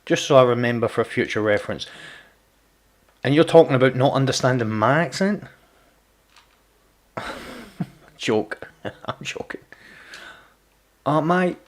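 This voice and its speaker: A man's voice: medium pitch, lively intonation, measured pace, long pauses. Man, gaming streamer, chatty, teasing, stammers and restarts. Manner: chatty, repeats words, teasing. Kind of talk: casual live gameplay chat.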